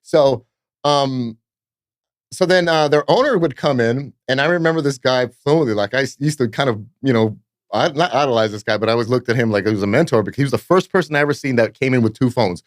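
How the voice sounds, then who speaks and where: A fast talker with a mid-range voice, this nightclub promoter from Fresno, California, is recorded dry at studio quality. On a podcast, he casually unspools long, profane, rambling tales peppered with "blah, blah, blah."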